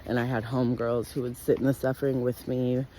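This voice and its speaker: A wellness practitioner tells her life story to camera, candid and blunt, swearing freely and filling her talk with "like." She's animated, her pitch jumping when she acts out her own past words, and she speaks a little fast over slight background noise.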